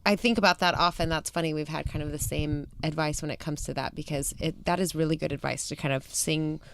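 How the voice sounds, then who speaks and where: A woman's voice: low-pitched, steady tone, vocal fry. A woman hosting a podcast, chatting casually and rambling in a friendly way. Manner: friendly, rambling, quick to agree. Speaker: podcast host.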